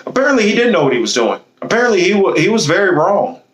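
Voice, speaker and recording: A man's voice: high-pitched, big pitch swings, fast talker, a bit bright, reverberant, rough recording. A man delivering a blunt, fiery political monologue, impassioned and swearing freely. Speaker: political commentator.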